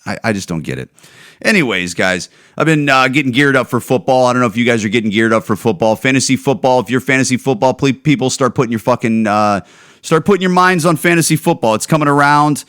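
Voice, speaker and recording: A man hosting a podcast, ranting and swearing with a lot of exasperation. His pitch swings widely and he often trips over repeated words. His voice sits at an ordinary middle pitch. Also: expressive, quick pace, a bit bright. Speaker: podcast host. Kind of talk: ranting commentary on viral videos.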